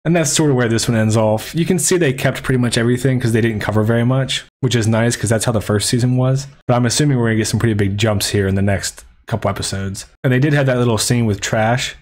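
A man with a fairly low voice talks through an anime episode and its book in a laid-back, chatty way. He drops in plenty of "like" fillers and chuckles as he goes. It sounds like easygoing video commentary. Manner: relaxed, chatty, frequent "like" fillers, chuckles often. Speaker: anime and light novel commentator.

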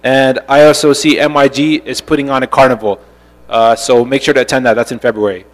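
A man's voice: medium pitch, steady tone, a little fast. A man making event announcements in a casual way, with many fillers. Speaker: event organizer. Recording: echoey hall.

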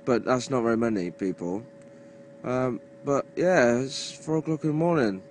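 A man vlogging from his lorry cab before dawn, talking in a slow, drowsy, wry and grumbling way. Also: mid-range voice, darkish tone, slight background noise. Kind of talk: casual early-morning vlog. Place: inside a lorry cab at night.

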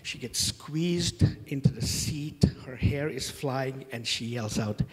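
Opening a conference in its hall, a middle-aged host tells funny, self-deprecating stories about his family. He speaks slowly at medium pitch, with a long reverb tail.

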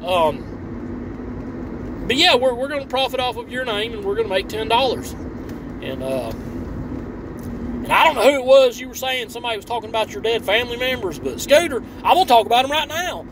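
A man's voice: extremely high pitch, expressive, normal speed, pauses often. A man delivering a rambling, sarcastic and profane rant, recorded outdoors near a road. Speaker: online commentator. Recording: distant mic with loud traffic noise.

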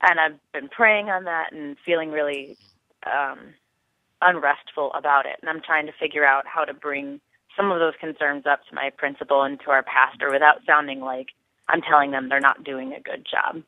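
A woman teacher calling in, asking her question in an earnest, hesitant way and pausing to find her words. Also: low-pitched, steady tone, no room sound. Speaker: caller, teacher. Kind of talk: call-in question. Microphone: telephone. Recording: tinny phone line.

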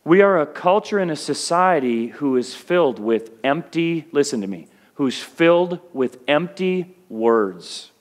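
A man's voice: a little high, expressive, measured pace, hardly any pauses. A middle-aged male pastor preaching a sermon in a conversational way that rises to fervent peaks.

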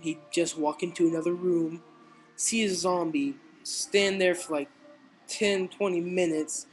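Slow, rambling young guy telling jokes. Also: high-pitched, fairly even intonation, soft background music, low-quality recording. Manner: rambling, halting, with many fillers and restarts. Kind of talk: casual stand-up style joke telling.

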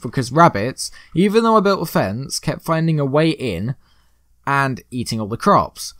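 A man's voice: medium pitch, fairly bright tone, no room sound, clean studio sound. Joking, rambling man narrating gameplay. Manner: rambling, joking, pun-loving. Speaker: let's play host. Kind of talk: gameplay commentary.

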